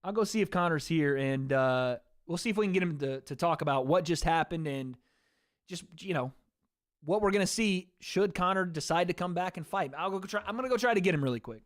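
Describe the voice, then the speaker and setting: A male livestream host with a hoarse, worn-out voice, rambling casually to his chat and swearing freely. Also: high-pitched, expressive, fairly quick, no room sound, clean studio sound.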